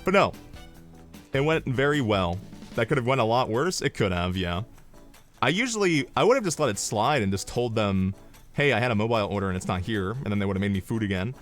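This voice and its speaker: A young man streaming, telling stories in an animated, rambling way, swearing and drifting into asides. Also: mid-range voice, fairly quick, faint music behind. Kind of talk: casual storytelling on a livestream.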